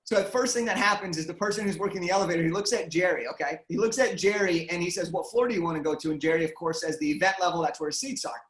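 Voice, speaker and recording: A man's voice: high voice, fast talker, few pauses, a bit bright, roomy sound, rough recording. A young man, a guest speaker, telling a story in an interview answer with lots of energy and acting out the quotes.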